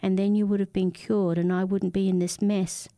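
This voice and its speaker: A woman's voice: mid-range voice, little pitch movement, normal speed, dark tone, no echo, clean studio sound, natural voice. A woman voicing a bitter, vengeful young man with a gun who speaks in cold, clipped, resentful lines.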